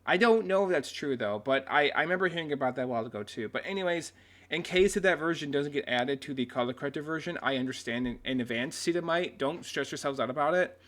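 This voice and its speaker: A man's voice: a little high, fast, a bit bright. Swearing, ranting man with a raised voice. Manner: ranting, swears often, many restarts. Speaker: video host. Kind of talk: casual reaction commentary.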